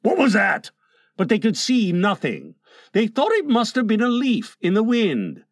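A man narrating a storybook in an expressive, dramatic reading. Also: high voice, normal speed, dry recording, clean studio sound. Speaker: audiobook narrator.

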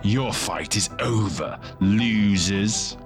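A man voicing a hateful male dark warrior in an audiobook, brusque and jeering in a halting way. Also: lowish voice, very animated, music in the background, exaggerated voice.

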